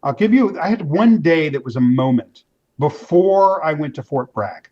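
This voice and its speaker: A man's voice: fairly high pitch, normal speed. A man telling a long story as an interview guest, acting out what people said and restarting his sentences often. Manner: animated storyteller, acts out quoted voices, many restarts. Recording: dull lo-fi sound.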